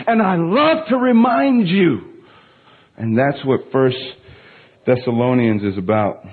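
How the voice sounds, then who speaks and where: A pastor in his thirties preaches a sermon in a slow, mid-range voice with a breathy edge. He tells a story about his young daughter, then builds to emphatic, impassioned peaks, all heard through tinny, phone-like audio.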